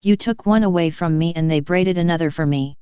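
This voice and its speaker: Jesus, gentle sorrowing man, read by a woman; low-ish, very clear, dry, a bit muffled. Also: fairly quick, no echo, lightly acted. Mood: tender sorrowful.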